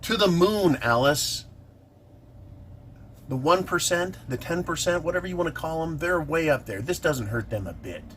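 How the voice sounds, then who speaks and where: A man's voice: on the high side, normal speed, slight background noise. Indignant ranting man. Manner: indignant, sarcastic, animated. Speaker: political commentator. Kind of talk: ranting vlog monologue.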